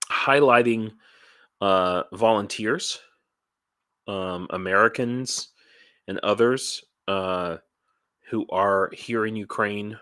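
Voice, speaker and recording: A man talking casually on his vlog, halting and rambling with many restarts, tired and dehydrated, blunt and ranty. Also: lowish voice, a bit bright, no room sound, clean studio sound. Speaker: YouTuber and volunteer in Ukraine.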